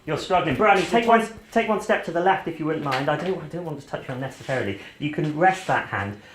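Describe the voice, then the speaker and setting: A man's voice: a little high, lively intonation, fast. A man performing as a magician, joking cheekily with a volunteer during a live show at an indoor venue. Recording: echoey room with faint hiss.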